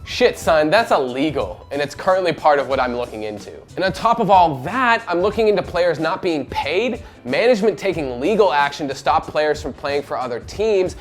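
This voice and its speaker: A man's voice: a little high, lively intonation, a little fast, few pauses, soft background music. A man hosting esports news, delivering scripted commentary in a wisecracking, profane way.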